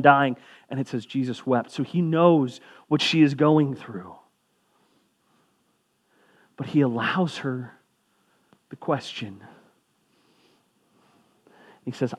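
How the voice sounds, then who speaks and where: A man's voice: mid-range voice, a little slow, long pauses. A man preaching as a pastor, talking in a conversational way with asides, his voice rising for emphasis. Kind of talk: sermon.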